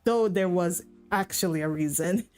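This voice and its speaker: A woman's voice: on the low side, moderate pace, darkish tone, faint music behind. A woman streamer casually retelling a story, rambling, swearing and laughing.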